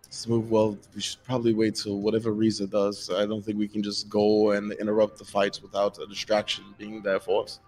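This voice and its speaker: A man's voice: on the low side, monotone, fairly quick, few pauses, a little mellow. A man narrating a tabletop game as game master, describing scenes in a loose, rambling way full of fillers.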